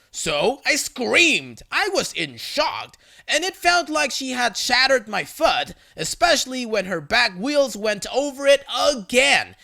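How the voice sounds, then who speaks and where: A man narrating a reddit story in a scripted, read-aloud style, with sudden loud jumps on quoted lines. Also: very high-pitched, vocal fry.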